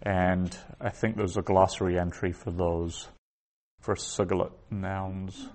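A middle-aged man teaching a class, explaining slowly and patiently with pauses and fillers. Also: low-pitched, little pitch movement, darkish tone. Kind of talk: classroom lecture.

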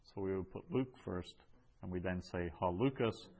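A man teaching a Greek class, going over answers in a slow, measured way with many ums and uhs. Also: low-pitched, darkish tone.

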